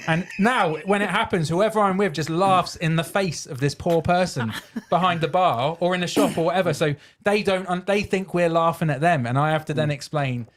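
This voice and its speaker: A man with a southern English accent co-hosting a casual chat, easygoing and quick to laugh. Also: fairly high pitch. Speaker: podcast co-host.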